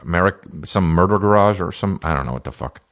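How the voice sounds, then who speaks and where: Low-voiced dude hosting a comedy podcast, swears a lot, rambles and jokes around. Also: male voice, expressive, brisk, a bit bright. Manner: profane, rambling, jokey. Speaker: podcast host.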